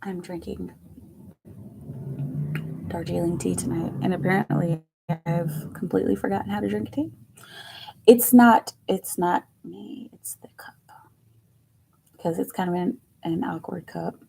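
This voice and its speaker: A woman hosting a live tarot stream, chatting casually with viewers, excitable and quick to laugh, sometimes dropping to a near-whisper. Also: fairly low pitch, gravelly, slightly rough.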